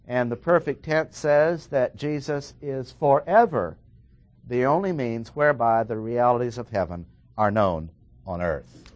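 A man preaching a verse-by-verse sermon, emphatic and slowing down to stress the key words. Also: mid-range voice, muffled recording.

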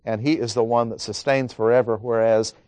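A man's voice: medium pitch, steady tone, brisk, darkish tone, no echo. Man, Bible teacher, methodical, reads scripture aloud, dry recording. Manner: methodical, enumerating points and reading scripture aloud. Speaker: preacher.

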